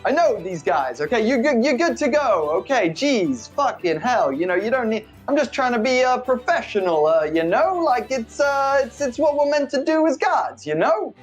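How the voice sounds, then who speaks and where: A man's voice: extremely high pitch, big pitch swings, moderate pace, few pauses, faint music behind, voice pushed up. A man voicing a nervous, awkward male gate guard who stammers through constant fillers. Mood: flustered.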